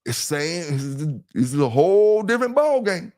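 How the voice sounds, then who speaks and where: Hosting a casual livestream, a talkative middle-aged South Carolina man with a Southern accent rambles in a fairly high, slightly mellow voice with big pitch swings at normal speed. He keeps checking in with listeners, greets people in chat, and repeats "you know what I'm saying."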